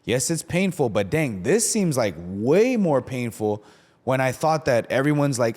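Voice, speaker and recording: A young man with a medium-pitched voice hosts a podcast about faith, speaking at a moderate pace. His storytelling is slangy and animated, and he keeps checking in with "right?"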